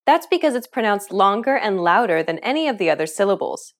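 A woman narrating a scripted language lesson, explaining clearly and upbeat, asking the learner questions. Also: mid-range voice, sing-song, fairly quick. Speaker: language teacher.

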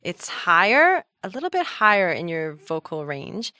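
Bright-voiced woman teaching language. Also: fairly low pitch, very animated, measured pace, clean tone, no echo. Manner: upbeat, explanatory, laughs easily. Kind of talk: scripted podcast lesson with co-host.

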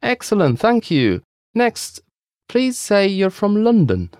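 A man's voice: high-pitched, wildly swooping pitch, slow, a little mellow, no echo, studio quality. A man co-hosting a scripted language lesson, upbeat and encouraging toward listeners.

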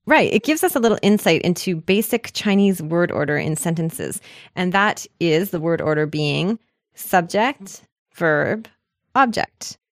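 A woman from Canada leads a language lesson with a slightly low voice. She explains patiently and drops in dry jokes. The recording is close and dry, with no room sound. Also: lively intonation, a little slow, no room sound. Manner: upbeat, joking, explains patiently.

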